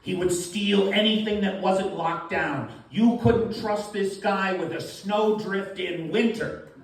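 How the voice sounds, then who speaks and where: A male standup comedian tells his jokes deadpan, acting out the people in them as he goes. His voice sits fairly high. It comes from a distance in a heavily echoing club room. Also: takes it slowly. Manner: deadpan joke telling, acting out quoted voices. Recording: very echoey club room, voice from far off.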